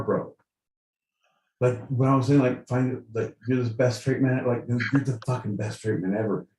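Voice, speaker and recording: Loud profane man telling a rambling story. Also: mid-range voice, reverberant, recorded from a distance, rough recording. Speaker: podcast co-host. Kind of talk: rowdy live-stream banter.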